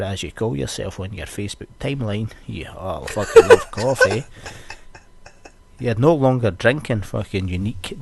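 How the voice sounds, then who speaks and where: A man's voice: fairly low pitch, gravelly, a little hiss or hum. A young Scottish man, a podcast host, chatting casually and ranting with plenty of swearing. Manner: sweary, ranting, animated storytelling.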